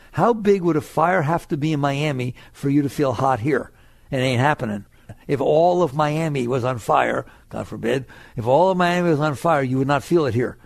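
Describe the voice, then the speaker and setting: Older man, spiritual teacher, gravelly voice, lively swooping delivery, dry close sound. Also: a little high, no echo. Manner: animated, laughing, playful rhetorical questions. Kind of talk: spiritual talk to an audience.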